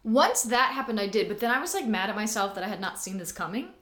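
Animated laughing woman in an echoey room. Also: medium pitch, fast. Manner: animated, laughs a lot, jokey asides. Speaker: podcast guest. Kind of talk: casual book recap chat. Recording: roomy echo.

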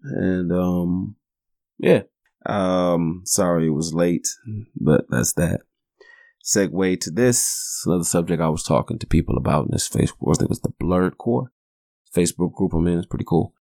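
A man's voice: low-pitched, normal speed, vocal fry, mellow, no room sound, clean studio sound. A man in his forties hosting a podcast, telling rambling, profane stories in a laid-back way. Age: 40s. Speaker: podcast host. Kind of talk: casual storytelling monologue.

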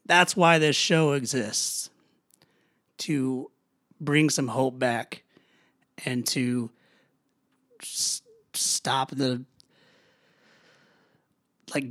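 A man with young kids hosting his own podcast, talking earnestly and haltingly with many restarts, sounding low and weary. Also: a bit bright, no room sound, studio quality. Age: young adult to middle-aged, a father. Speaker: podcast host. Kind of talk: personal solo podcast talk.

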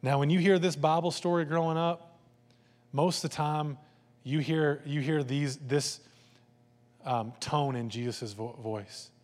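Animated preacher man in a reverberant hall. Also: on the high side, a little slow. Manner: conversational, animated, acts out voices and asides. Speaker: pastor. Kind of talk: sermon.

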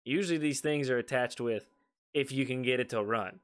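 A man co-hosting a podcast, telling family stories in a relaxed chat and laughing along the way. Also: medium pitch, brisk. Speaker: podcast co-host. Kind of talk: casual storytelling chat.

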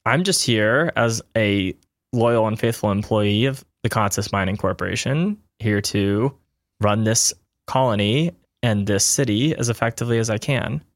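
A man's voice: fairly low pitch, moderate pace, no room sound, clean studio sound, close to an everyday voice. A man voicing a female mining company administrator who deflects questions with false politeness. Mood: evasive. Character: smooth evasive woman mining administrator.

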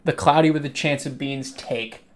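A man's voice: mid-range voice, moderate pace. A young man chatting casually, telling a story with lots of fillers and restarts. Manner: rambling, filler-heavy storytelling. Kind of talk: casual chat.

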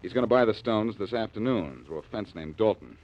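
This is a cool, cocky detective in a 1940s radio drama. The voice sits very low but swings freely in pitch as he tosses off sarcastic quips. The old broadcast sounds dull and muffled. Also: expressive, a little fast. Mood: wry. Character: wisecracking reformed-thief detective, cool and cocky.

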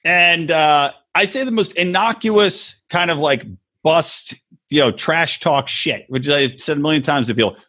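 A man's voice: a little high, unhurried, pushed and bright. A man co-hosting a podcast, telling stories in a profane, sarcastic, casual way. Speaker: podcast co-host. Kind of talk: casual chat.

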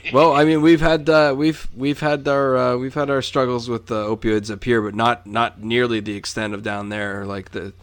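A man's voice: medium pitch, little pitch movement, moderate pace, few pauses. A man from Canada, a podcast guest, talking in a loose, joking way and swearing casually.

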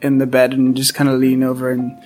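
A man's voice: medium pitch, monotone, fairly quick, a little mellow, faint music behind. A man playing a tabletop game, casually and hesitantly describing what his character does. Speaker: player.

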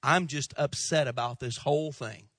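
A man's voice: mid-range voice, normal speed, a bit bright, no room sound, clean studio sound, voice pushed down, close to an everyday voice. A man voicing an angry, sulking prophet who is bitter and worked up.

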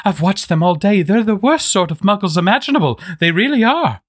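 A man's voice: high voice, expressive, fairly quick, voice pushed up. A man voicing a stern, worried middle-aged witch professor in a comedic podcast read-through. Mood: concerned.

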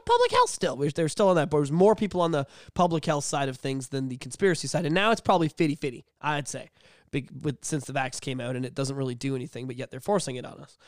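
A man co-hosting a casual podcast, talking animatedly and swearing, slipping into mocking high voices. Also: darkish tone, clean tone, no echo, clean studio sound. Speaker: podcast co-host. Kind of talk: casual chat.

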